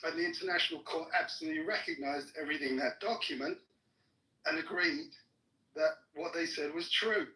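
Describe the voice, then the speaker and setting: A man's voice: fairly high pitch, a little fast. Furious swearing man in an echoey room. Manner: furious, swearing constantly, shouting down his opponent. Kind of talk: heated argument. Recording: echoey room, mic at a distance.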